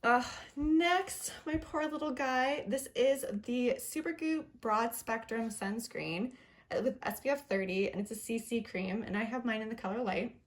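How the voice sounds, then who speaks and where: A woman's voice: fairly high pitch, moderate pace. A young woman chatting casually through a makeup review, upbeat and chatty, with little self-deprecating laughs. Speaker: beauty vlogger.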